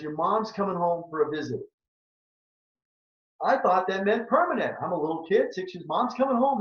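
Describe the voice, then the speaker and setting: Earnest doctor in a muffled echoey room. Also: male voice, sits high, recorded from a distance. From Minnesota, United States. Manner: earnest, emotional, repeats phrases for emphasis. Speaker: functional medicine doctor presenting a webinar. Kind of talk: webinar presentation, personal story and pitch.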